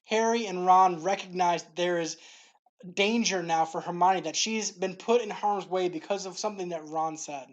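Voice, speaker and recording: This is a faith-series host reading scripted devotional narration at normal speed, with a little hiss or hum in the recording. Her voice is a touch low, and she delivers it clearly and steadily throughout.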